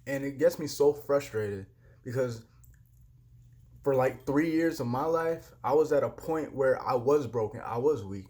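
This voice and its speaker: A man's voice: medium pitch, a little mellow. A young man giving a frustrated personal rant in a vlog, heated and repetitive, swearing freely. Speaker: vlogger.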